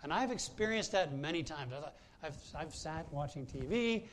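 A man's voice: on the high side, lively intonation, normal speed, slight background noise. A man preaching a sermon as pastor, telling a personal story in a conversational way with frequent hesitations and restarts.

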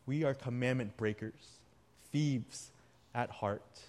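A man preaching a sermon to a congregation, earnest, often dropping to a quiet, intimate emphasis. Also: mid-range voice, slow pace. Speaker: pastor.

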